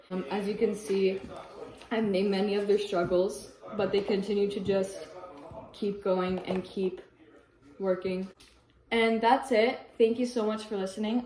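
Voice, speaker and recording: A woman's voice: mid-range voice, warm tone, echoey room, poor audio. A teenage girl giving a mock audition speech in a stop-start way, often breaking into giggles. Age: teens. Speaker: teen filming a prank on her parents.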